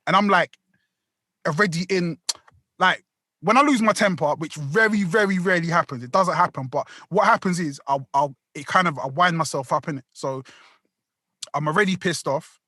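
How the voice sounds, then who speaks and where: A man's voice: fairly high pitch, normal speed, pushed and bright, dry recording, clean studio sound. A man telling a rambling story on a podcast, full of slang and swearing. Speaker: podcast co-host. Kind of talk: casual storytelling.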